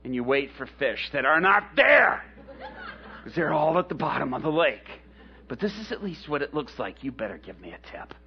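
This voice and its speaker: A man voicing Peter, a stubborn, sarcastic adult fisherman, mocking and often shouting, on a dull lo-fi recording. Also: very high-pitched, very animated, moderate pace, voice pushed up, full character voice. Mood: sarcastic pleading.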